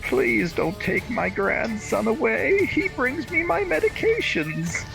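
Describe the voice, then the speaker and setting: Man voicing pleading feeble old grandpa, lively high warble, tabletop game bit. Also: takes it slowly, vocal fry, music in the background, heavily acted, rough recording. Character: frail guilt-tripping old grandpa.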